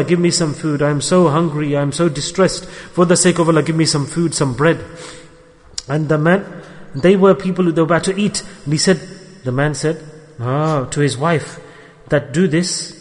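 A man's voice: fairly high pitch, big-room sound. A man preaching a sermon and telling a moral story, earnest and repetitive, sprinkling in Arabic religious terms.

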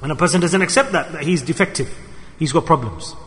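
High-voiced man preaching in a hall. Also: quick pace, fairly bright tone. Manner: impassioned, repeating key phrases. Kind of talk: sermon. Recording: long hall reverb.

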